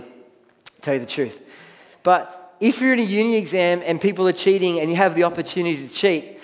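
A man's voice: a little high, fairly quick, long reverb tail. A man preaching as a pastor in a church, talking conversationally and acting out what people say to themselves. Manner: conversational preaching with acted-out inner voices. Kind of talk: sermon. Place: church hall.

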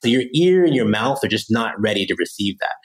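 A man from Pennsylvania, a guest on a podcast interview who explains language learning in a casual, animated way and often acts out phrases. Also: on the low side, fairly quick, low-quality recording. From Pennsylvania, USA.

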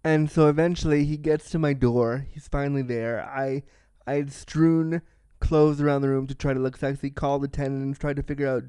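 A man's voice: mid-range voice, fairly even intonation, moderate pace, mellow, smooth, dry recording. A man hosting a podcast, telling a candid personal story in a frank, self-deprecating way, swearing freely and acting out the people in it. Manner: acts out the people in his story. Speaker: podcast host.

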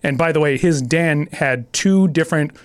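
A man hosting a podcast, chatting casually and telling his own anecdote. He is relaxed and listens with short backchannel replies. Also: a little high, moderate pace, clean tone. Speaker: podcast host.

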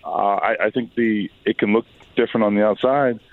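A hoarse, raspy man speaks over a thin, phone-like line as a radio guest. His voice sits low, and the room around him sounds dry. He picks his words slowly, with plenty of fillers and restarts. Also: fairly even intonation, dry recording. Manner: thoughtful, hesitant with many fillers and restarts. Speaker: sports reporter guest.

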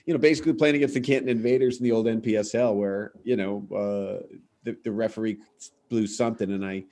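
A middle-aged stand-up comedian hosts a podcast, telling anecdotes in a casual chat and acting out quoted voices to land the punchlines. He talks fast in a fairly low, steady, warm voice.

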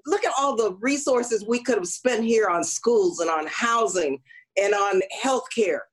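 A woman's voice: medium pitch, unhurried, husky, poor audio. A woman politician speaks as an interview guest in a mid-range voice. She recounts her experiences earnestly and leans on key points with emphasis. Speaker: congresswoman, guest. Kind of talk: conversational interview.

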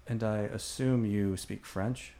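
A man's voice: on the low side, steady tone, takes it slowly, dark tone. A man hosting a podcast, asking curious questions and offering brief encouraging interjections. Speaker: podcast host. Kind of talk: casual interview.

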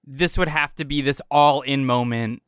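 A podcast host gently paraphrasing a guest's story back to them in a thoughtful, measured way. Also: medium pitch, clean tone, no room sound, studio quality. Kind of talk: interviewer reflecting back.

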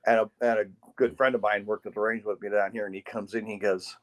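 A man, a guest on a podcast interview and a marksmanship instructor, telling casual stories with lively sound effects and frequent laughs. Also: lowish voice, fast.

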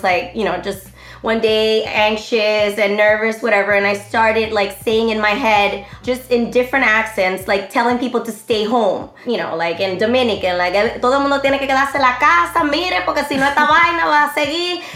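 A woman in her thirties, a guest telling her story in an animated, rambling way full of fillers. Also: on the high side. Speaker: interview guest, online comedy creator. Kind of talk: casual interview chat. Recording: roomy echo.

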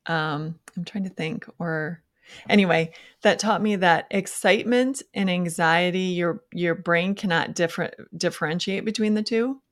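A woman's voice: fairly low pitch, a little slow. A woman hosting a podcast interview, curious and prompting, often affirming with a brief "okay" or "mm-hmm.". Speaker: podcast host. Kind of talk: casual interview conversation.

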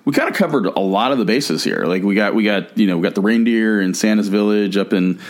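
A man from the United States chats loosely as a podcast co-host, his voice sitting fairly low. He rambles through his points, with plenty of restarts and fillers. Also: fast. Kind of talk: casual travel podcast chat. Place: California.

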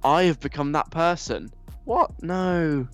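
A man's voice: a little high, slow pace, faint music behind. A young man hosting a radio show, reading listener messages aloud and answering them in a teasing, mock-stern way. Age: young adult.

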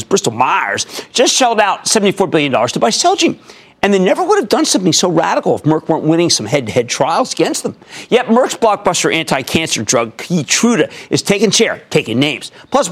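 A middle-aged man delivers stock picks as a television market commentator, his fairly high voice leaping up and down in lively, animated swings. He punches key words with sudden loud bursts, then drops into low, quiet asides. The delivery is emphatic and theatrical throughout. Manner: emphatic, theatrical, big swings of pitch and loudness.

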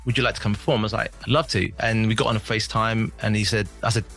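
A man's voice: lowish voice, fairly even intonation, fast, creaky, fairly bright tone, soft background music. A male musician guest chatting in an interview, reflective and rambling with many restarts. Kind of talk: casual interview chat.

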